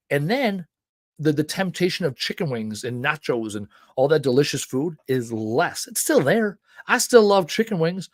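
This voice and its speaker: A man's voice: a little high, animated, normal speed, no room sound, studio quality. A man of forty hosting a live show, talking in a loose conversational way, full of fillers and rhetorical "right?". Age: 40s. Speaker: host. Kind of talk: casual live-show monologue.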